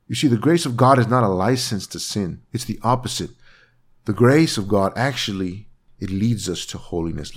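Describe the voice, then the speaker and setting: A man preaching a sermon, reading scripture aloud and explaining it in an earnest, emphatic way. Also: fairly low pitch. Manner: earnest, emphatic, rising on key words.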